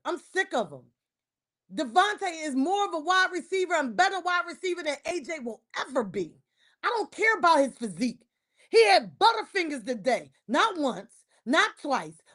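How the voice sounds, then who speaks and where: High-voiced woman ranting about football. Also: fairly bright tone. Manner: heated, exasperated, trash-talking. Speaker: livestream host. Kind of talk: ranting sports reaction livestream. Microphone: streaming mic.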